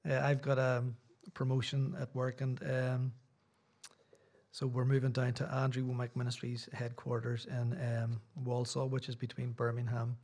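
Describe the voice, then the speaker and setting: A man's voice: mid-range voice, monotone, moderate pace, darkish tone. A middle-aged Irish man, a visiting preacher, giving a sermon in a church with rambling, self-deprecating asides. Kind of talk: sermon with casual chat.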